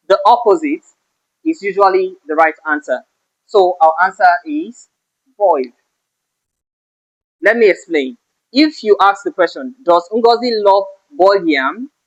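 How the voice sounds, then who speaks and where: Male tutor, high-pitched, punches stressed words, muffled lo-fi recording. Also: fairly bright tone. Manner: stresses key words sharply when giving examples. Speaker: English teacher. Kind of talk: exam-prep lesson. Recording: slightly dull lo-fi sound.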